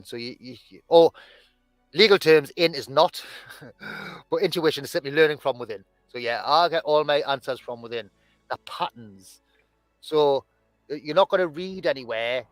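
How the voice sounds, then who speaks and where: A man's voice: mid-range voice, no echo, low-quality recording. A man talking as a guest in an unscripted conversation, rambling and restarting his thoughts. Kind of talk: casual conversation.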